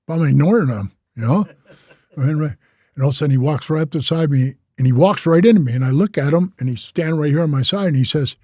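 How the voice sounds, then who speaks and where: A man's voice: fairly high pitch, fast talker, no echo, clean studio sound. An older man and former biker club president, telling his life story in casual talk and acting out the other people in it. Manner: animated storyteller, acts out other voices, says bro a lot.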